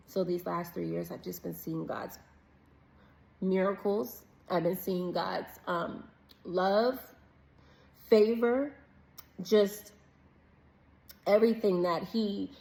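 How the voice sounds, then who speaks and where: A woman's voice: lowish voice, vocal fry, darkish tone, rough recording. A woman vlogging on vacation, earnestly and emotionally sharing a faith testimony in casual, preacher-like talk. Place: on vacation, about to eat breakfast.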